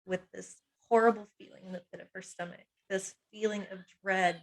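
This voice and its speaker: A woman hypnotherapist with a medium-pitched voice teaches a masterclass on emotional pain in a rough recording, earnest and confiding and drawing on her own life. She names painful feelings one at a time in short, weighted phrases, with small laughs slipping in between.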